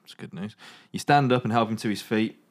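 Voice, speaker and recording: A man's voice: fairly low pitch, fairly quick. A man hosting a comedy podcast, reading a choose-your-own-adventure story aloud with dramatic narration broken by jokes.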